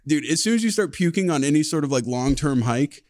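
A man's voice: fairly high pitch, expressive, brisk, a little mellow, dry recording, clean studio sound. A man guest on a podcast, telling a long, casual story full of "like"s, restarts and swearing. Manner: rambling, filler-heavy, profane.

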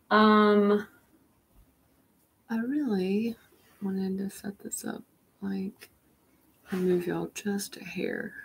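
A woman's voice: mid-range voice, gravelly, slight background noise, poor audio. A young woman hosting a fashion livestream, chatting casually and a bit scattered as she hunts for things for her viewers. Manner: scattered, talks to viewers while hunting for things. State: out of breath.

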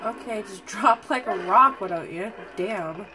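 A woman's voice: medium pitch, normal speed, hardly any pauses. A young woman giving let's play commentary, cooing at her companion creature and swearing freely. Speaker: gamer. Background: game music.

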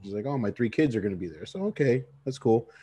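A man's voice: medium pitch, fast talker, husky, dry recording. A man co-hosting a podcast, telling a personal story in casual chat, acting out other people's voices and laughing often. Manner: animated storyteller, acts out friends' voices and laughs a lot. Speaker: podcast co-host.

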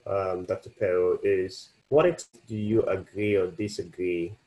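A man moderating an online panel, asking a question in a halting way and searching for his words. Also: low voice, fairly even intonation, a little mellow, rough recording. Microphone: video call.

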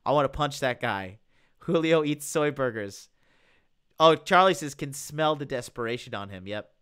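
A man's voice: medium pitch, expressive, normal speed, a bit bright, clean tone. A young man hosting a live stream, reacting to a video and reading chat aloud in a crude, mocking way and laughing often. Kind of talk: casual live-stream commentary.

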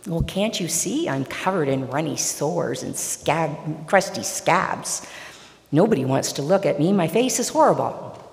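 A woman's voice: low voice, expressive, unhurried, creaky, full character voice. A woman voicing a desperate man covered in sores, pleading to be healed, in a long reverberant church. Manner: pleading, then overjoyed.

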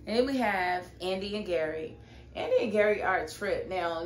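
A woman reviewing a TV episode in a casual, animated and sassy way, often scolding the characters directly. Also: mid-range voice. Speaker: TV show reviewer. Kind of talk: casual TV recap vlog. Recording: echoey room with faint noise.

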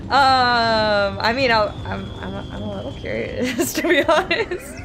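A woman's voice: a little high, takes it slowly. An Australian woman streaming a platform game, chatting casually, yelping and laughing as she plays. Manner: excitable, yelps and laughs at the game. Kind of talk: live game-stream chat. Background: game music.

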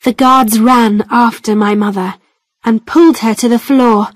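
A woman reads a storybook aloud in a slow, careful, clearly spaced way, made for learners. Her voice sits fairly high. The recording is close and dry, with no room sound. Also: fairly even intonation, no room sound. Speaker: narrator. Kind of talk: slow scripted storybook narration for English learners.

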